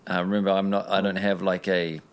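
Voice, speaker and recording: A man's voice: low voice, level tone, fairly quick, clear, resonant tone. A man, an interview guest telling a personal story in an earnest, rambling way with many restarts.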